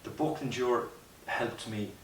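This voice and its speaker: A man's voice: medium pitch, a little slow. A man as a podcast guest, telling his story in an earnest, reflective way with frequent "you know" asides. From Ireland. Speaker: guest, mountaineer. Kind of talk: conversational storytelling interview. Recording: roomy distant mic with faint hiss.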